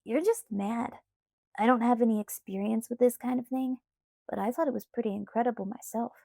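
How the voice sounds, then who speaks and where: A cocky, cheerful teenage boy, read by a woman, speaks in an easygoing, coaxing way. The reader's voice stays mellow and a little high, without a deep put-on tone. The recording is close and dry. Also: a little fast, gravelly, dry recording.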